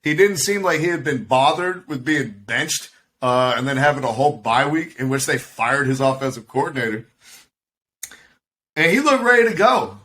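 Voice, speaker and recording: A man's voice: mid-range voice, lively intonation, moderate pace, fairly bright tone, a little hiss or hum. A man co-hosting a podcast on a video call, riffing on sports in a joking, profane way and laughing often. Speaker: podcast co-host. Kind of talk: casual sports chat.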